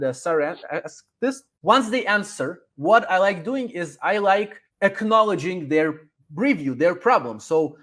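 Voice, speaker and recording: A man's voice: a little high, fairly bright tone. A man guest in a casual chat, giving advice and acting out sample customer emails.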